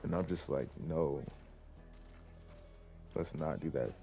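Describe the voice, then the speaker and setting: With soft music in the background, a teen boy speaks to camera in an extremely low, gravelly, mellow voice at a slow pace. As a vlogger, he rambles through a personal story for his viewers, full of "likes" and restarts.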